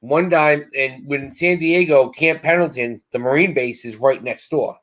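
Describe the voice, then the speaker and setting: A middle-aged man casually telling a long story, animated and acting out the voices of the people in it. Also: medium pitch, a little slow. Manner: animated, acts out quoted voices. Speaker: co-host.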